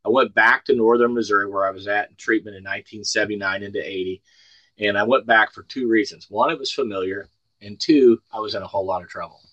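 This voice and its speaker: A man in his sixties from the Ozarks, sharing his story at a recovery meeting over a video call. His voice sits a bit low and sounds bright and forceful. The sound is dry and close, and he spins his tale in a folksy, plainspoken way with dry humor. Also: steady tone, fast, no room sound, muffled recording. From Ozark Mountains, United States. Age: 60s. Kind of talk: personal testimony at a recovery meeting.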